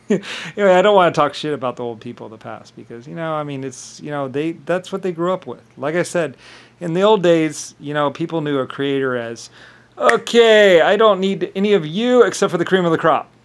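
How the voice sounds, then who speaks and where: A man talking in a rambling monologue, often laughing and mimicking others in quick quoted voices. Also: medium pitch.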